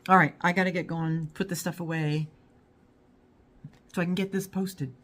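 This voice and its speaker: A woman's voice: lowish voice, steady tone, normal speed, fairly bright tone. A middle-aged woman vlogger chatting casually to camera in a rambling way. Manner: rambling and chatty, talks to her dog. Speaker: YouTube haul vlogger.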